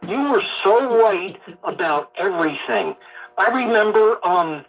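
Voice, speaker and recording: A man's voice: high-pitched, lively intonation, measured pace, fairly bright tone, faint music behind. A man calling into a radio show, rambling with hesitant fillers, heard through a muffled phone line. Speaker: caller.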